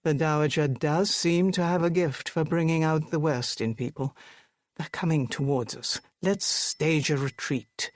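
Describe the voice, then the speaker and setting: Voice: mid-range voice, unhurried, dry recording, lightly acted. An audiobook narrator voicing a reserved army major who speaks in a dry, clipped, wry way.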